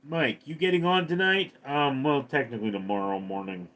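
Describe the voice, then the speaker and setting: A man's voice: medium pitch, moderate pace. A man hosting a casual livestream, reading out commenters' names and chatting back to them. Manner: reads commenter names then answers, animated.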